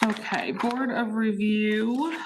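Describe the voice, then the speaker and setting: Woman chairing a meeting on noisy audio. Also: fairly high pitch. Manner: brisk, informal asides between formal readings. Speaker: planning board chair. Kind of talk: chairing a public meeting, reading resolutions aloud. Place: town hall meeting room.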